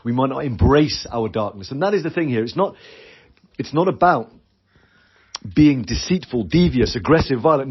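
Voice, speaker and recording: Husky British man coaching on a podcast. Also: medium pitch, muffled recording. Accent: British English. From Britain. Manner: earnest, animated, acts out quoted voices. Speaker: podcast host. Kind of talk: solo podcast coaching talk.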